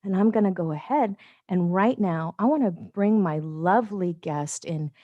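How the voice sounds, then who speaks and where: A woman hosting a spiritual show, giving an emphatic channeled reading that sometimes drops to a soft, hushed voice. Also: on the low side, moderate pace, dry recording, narrow, tinny audio. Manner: emphatic, repetitive exhortations. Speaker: show host, spiritual guide.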